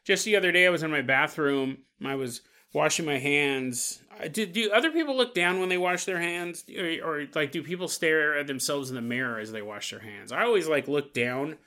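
A man hosting a podcast, retelling a story in a casual, animated way and acting out the people he quotes. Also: a little high, normal speed, few pauses. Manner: animated, acts out quotes with playful voices. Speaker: podcast host.

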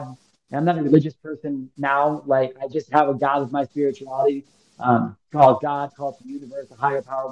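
A man in his thirties from Illinois, United States, tells a personal story as a podcast guest, speaking casually and emphatically with plenty of slang and acting out the lines he quotes. His voice is fairly high with a darkish tone, and the recording quality is low.

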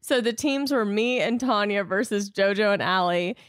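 A woman's voice: mid-range voice, moderate pace, clean tone, no room sound, clean studio sound. A woman in her thirties co-hosting a casual chat, telling long stories and laughing often. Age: 30s. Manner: chatty storyteller, laughs often.

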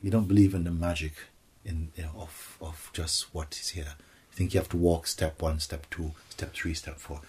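A man's voice: very deep voice, flat delivery, moderate pace, darkish tone, slightly rough. A man giving a spiritual satsang talk, playful, slipping into acted voices and laughter. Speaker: spiritual teacher.

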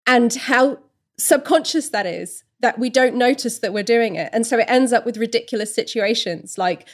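A woman's voice: on the high side, normal speed. Thoughtful woman writer explaining ideas. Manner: thoughtful, explanatory, with occasional self-correcting restarts. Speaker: interview guest, writer. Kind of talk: podcast interview.

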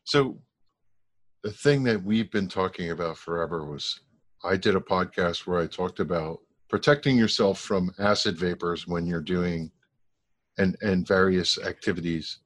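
A man hosting a podcast, bantering in a relaxed, joking way. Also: deep voice, a little slow. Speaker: podcast host. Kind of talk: casual podcast chat.

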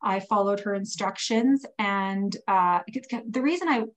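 Woman guest, personal testimony, chatty and animated, stumbles and restarts, mid-pitched voice. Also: normal speed, poor audio. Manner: animated retelling with frequent restarts and "like". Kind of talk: casual personal storytelling.

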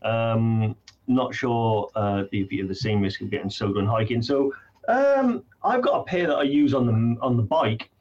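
A man co-hosting a casual live stream, relaxed with a dry sense of humour. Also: medium pitch, moderate pace, lo-fi sound. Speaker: co-host.

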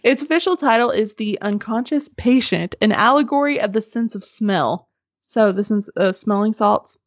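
A woman casually telling a story on a podcast, animated and swearing freely, laughing as she goes. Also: mid-range voice, moderate pace, no echo. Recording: slightly muffled dry podcast audio.

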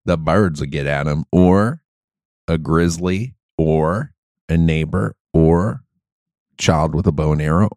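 A man co-hosting a podcast, chatting casually in animated, joking and profane rants. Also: rumbling low, slow pace, no echo, clean studio sound. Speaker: podcast co-host. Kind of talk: casual chat.

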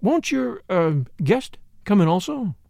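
A man's voice: sits high, very animated, a little slow, gravelly, darkish tone, no echo, clean studio sound, full character voice. A man voicing a nosy, knowing middle-aged spinster who talks insistently and mysteriously. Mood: prying.

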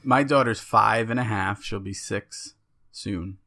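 Man in his thirties, co-host of a sports podcast. Gravelly voice with a bright edge, argumentative and playful. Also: fairly low pitch, measured pace. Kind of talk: casual sports talk banter.

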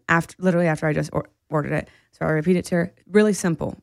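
Animated gravelly-voiced woman co-host. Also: lowish voice, fast talker, dry recording, studio quality. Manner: animated storyteller, laughs often. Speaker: podcast co-host. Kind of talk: casual chat.

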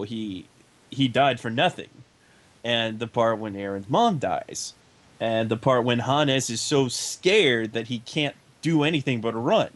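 A man co-hosting a casual anime review podcast, earnest and emphatic. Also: mid-range voice. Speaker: podcast co-host.

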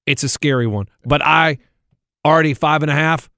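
A man co-hosting a podcast, trading casual sports talk and reading listener notes aloud. His voice sits fairly high and is recorded close and dry, with no room sound. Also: normal speed, creaky, sharp tone, no echo. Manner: reads listener messages aloud. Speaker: podcast co-host.

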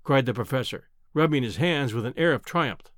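A man narrating an adventure novel in the first person, measured and wry. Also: mid-range voice, expressive, fairly bright tone, dry recording, studio quality. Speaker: audiobook narrator.

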